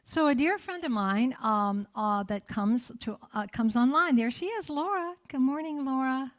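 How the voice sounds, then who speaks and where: A woman pastor giving a sermon in a church in a warm, conversational way, often checking in with her listeners. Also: high voice, animated, normal speed.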